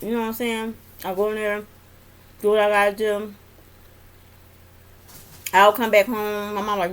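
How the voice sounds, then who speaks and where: In a loose, rambling vlog full of fillers and laughs, a young nurse shares work stories. Her mid-range voice stays steady at a moderate pace, and she pauses often.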